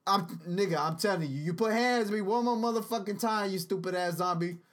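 A man's voice: high-pitched, a little fast. A man hosting a casual solo podcast, rambling profanely and slipping into sing-song freestyle rap into a podcast mic. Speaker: podcast host.

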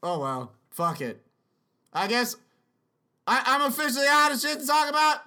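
A man's voice: very high voice, sing-song, normal speed, bright, forceful tone, clean tone. A man hosting a casual solo podcast, rambling profanely and slipping into sing-song freestyle rap into a podcast mic. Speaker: podcast host.

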